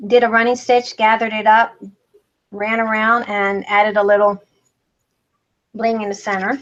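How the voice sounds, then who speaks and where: A woman's voice: medium pitch, flat delivery, measured pace, a bit bright, dull audio. A woman hosting a live craft demonstration, chatting casually as she explains each step. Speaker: craft tutorial host.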